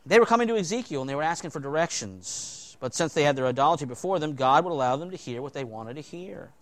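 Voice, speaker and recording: A man delivering a sermon with a somewhat high voice. He preaches animatedly, pushing some lines out loudly and dropping others to a near murmur. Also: fast talker. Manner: animated preaching, dramatic swings between loud emphasis and quiet asides. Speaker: pastor.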